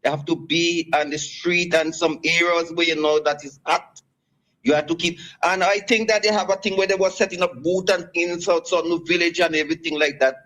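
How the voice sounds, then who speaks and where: Male radio caller over phone, high-pitched, halting and rambling. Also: steady tone, fairly bright tone, rough recording. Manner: rambling, halting, many restarts. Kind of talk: call-in radio talk.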